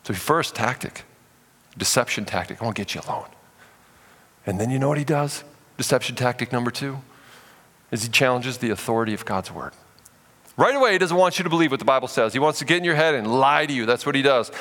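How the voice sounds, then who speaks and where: Emphatic male pastor in a reverberant hall. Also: fast talker. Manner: animated, emphatic, often drops low for stress. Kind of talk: sermon.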